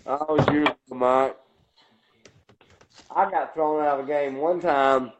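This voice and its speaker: A middle-aged man with a Southern accent, co-hosting a casual chat and telling loud, profane stories. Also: slow, lo-fi sound. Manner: loud, profane storytelling, acting out his own coaching lines in a deep growl. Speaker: co-host.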